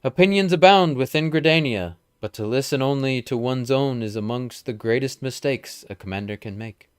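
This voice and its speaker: A man's voice: mid-range voice, normal speed, smooth, close to an everyday voice. A man voicing a stern, formal male military commander with a stately, old-fashioned delivery, reading game dialogue aloud.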